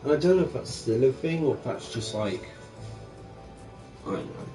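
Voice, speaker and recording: A young man chatting casually and profanely about video games, rambling and animated. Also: mid-range voice, normal speed, over music, rough recording. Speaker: gaming channel streamer.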